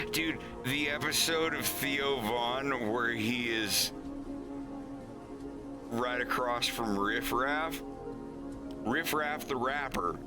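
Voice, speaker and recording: Rambling man streaming over faint music. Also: medium pitch. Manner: rambling, laughs often, self-deprecating. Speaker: animation streamer. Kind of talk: casual livestream chat.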